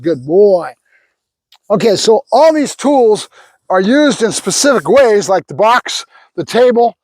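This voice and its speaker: A man working as a dog trainer, explaining his method step by step and breaking off to give his dog short commands and quick praise. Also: sits high, dry recording. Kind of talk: casual training demonstration.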